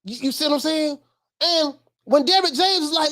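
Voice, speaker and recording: A woman hosting a live stream, reacting to a video with excited commentary. She laughs often and repeats her phrases. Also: high-pitched, normal speed.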